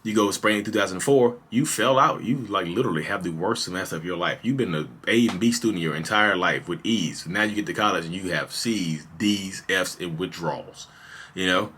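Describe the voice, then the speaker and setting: A man in his thirties talks through his own story in a loose, confessional way, leaning on "you know" as he goes. His voice sits a bit low but has a bright, forceful edge. Faint noise hums behind him. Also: fairly quick. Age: 30s. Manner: casual and confessional, many "you know" fillers. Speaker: podcast host. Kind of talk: candid personal storytelling.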